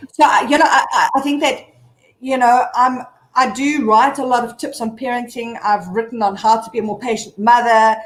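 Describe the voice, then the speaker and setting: A woman's voice: fairly high pitch, steady tone, moderate pace. A woman blogger as a guest on a casual live video chat, talking candidly in a rambling way with many fillers. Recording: echoey room.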